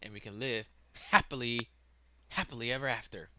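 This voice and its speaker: A man giving a casual, rambling home-made lesson, correcting himself as he goes and sometimes bursting out loudly. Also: mid-range voice, moderate pace. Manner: casual, self-correcting, laughs at own mistakes, sudden loud outbursts. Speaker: lesson presenter.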